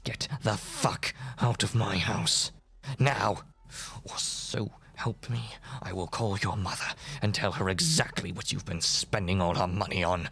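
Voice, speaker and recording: A man's voice: sits low, steady tone, a little slow, creaky, bright, forceful tone, breathy edge, heavily acted. A man voicing a furious young party host with a Southern US accent, swearing as he throws someone out. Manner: angry, swearing, with a drawl.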